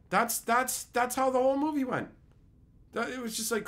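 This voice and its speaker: A man's voice: extremely high pitch, normal speed, a bit bright. A man streaming live, chatting casually with his chat and ranting with repeated, profane phrases. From Canada.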